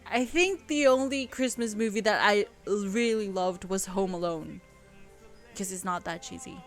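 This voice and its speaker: A woman's voice: medium pitch, measured pace, faint music behind. A young woman casually reading her own story aloud on a live stream, often laughing and stopping to comment on it.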